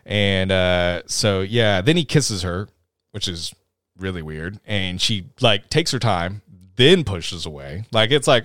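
A man's voice: on the low side, sing-song, measured pace, a bit bright, dry recording, studio quality. A man co-hosting a casual movie review podcast, joking and rambling through scene recaps. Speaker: podcast co-host.

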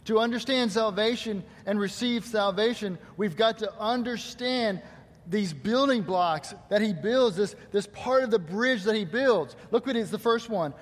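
High-voiced man preaching in a reverberant hall. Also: a little slow. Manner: preaching to a congregation, rhetorical questions, quoting scripture. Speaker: pastor. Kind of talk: sermon. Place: church hall.

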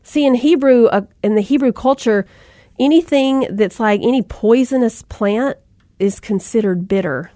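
Mom talking faith, high, dry voice. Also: female voice, moderate pace, warm tone, dry recording. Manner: conversational, folksy, with asides and fillers. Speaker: Christian speaker. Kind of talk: faith-based talk to mothers.

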